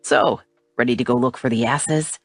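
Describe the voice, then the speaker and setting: Woman narrator doing a teasing young guy, low and lightly playful, audiobook read. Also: normal speed, husky, dry recording, faint music behind, heavily acted. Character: teasing playful young man, a loyal friend.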